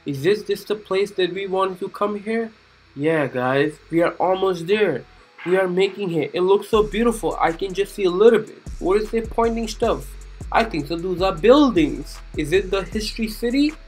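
A woman's voice: medium pitch, animated, moderate pace, a little mellow, faint music behind. A woman narrating a children's cartoon in a gushing, exclamatory way, keeps asking the young viewers questions. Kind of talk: chatty commentary for children.

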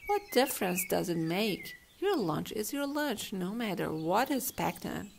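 A woman reading aloud, voicing a caring mother who speaks calmly and soothingly. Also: mid-range voice, a little slow, creaky, a little hiss or hum. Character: gentle, caring mother of a schoolgirl.

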